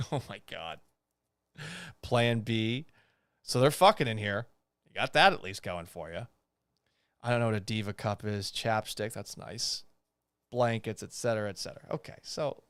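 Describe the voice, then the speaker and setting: A man's voice: clear, resonant tone, no room sound. A young man hosting a podcast, reading items aloud and mocking them in a sarcastic, profane, incredulous way. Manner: profane, jumps up in pitch when exasperated. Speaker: podcast host. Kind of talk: casual commentary.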